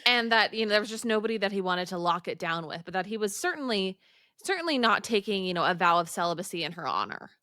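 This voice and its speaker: A woman's voice: medium pitch, lively intonation, fast talker, pushed and bright, dry recording. A young woman co-hosting a podcast in casual chat, wry and mock-outraged, close to the mic. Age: young adult. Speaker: podcast co-host.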